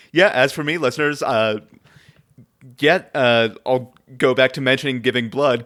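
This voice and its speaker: A man hosting a podcast in relaxed conversation. His voice sits at an ordinary middle pitch. He talks hesitantly, with lots of "um"s, and chuckles often. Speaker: podcast host. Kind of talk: casual chat.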